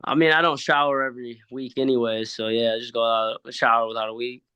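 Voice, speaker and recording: A man's voice: mid-range voice, level tone, fast, pushed and bright, clean tone, highs cut off. A man being interviewed on a podcast, answering in a laid-back, slangy, joking way. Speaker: wrestler guest. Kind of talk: casual interview chat.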